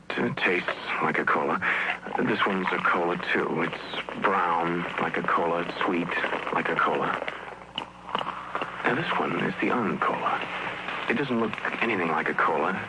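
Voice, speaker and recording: A man presenting an old TV commercial, calmly explaining the product step by step. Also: low-pitched. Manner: calm, measured, dryly explaining. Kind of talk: scripted TV commercial pitch. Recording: noisy old TV soundtrack.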